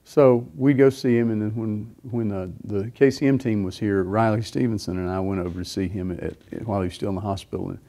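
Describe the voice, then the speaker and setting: Low, mellow man telling a story. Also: fairly even intonation, fairly quick, hardly any pauses. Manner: rambling storytelling, frequent fillers and restarts. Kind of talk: sermon testimony.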